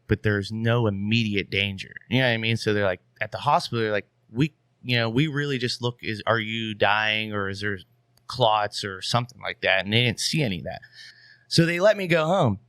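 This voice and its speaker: A man's voice: on the low side, a little fast, no echo, clean studio sound. A young adult man, a podcast guest, telling a long rambling story in casual talk with plenty of fillers. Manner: rambling, animated, many fillers.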